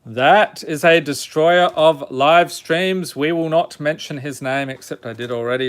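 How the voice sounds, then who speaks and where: A man hosts a relaxed live stream, reading names aloud one after another at an unhurried pace. His voice sits slightly higher than most men's. He keeps a chatty, joking tone with the people watching. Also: clear, resonant tone. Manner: reads item names one by one, jokes with viewers. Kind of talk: casual live-stream chat while opening card packs.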